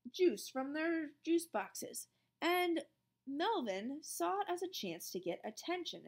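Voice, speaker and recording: A woman teacher reading a storybook aloud expressively, then explaining the lesson. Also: high voice.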